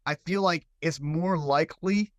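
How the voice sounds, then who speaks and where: A man with a high voice co-hosts a casual podcast, rambling and hesitant, often restarting his sentences. The sound is dry and close. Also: a little slow, dry recording, muffled recording. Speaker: podcast co-host. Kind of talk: casual discussion.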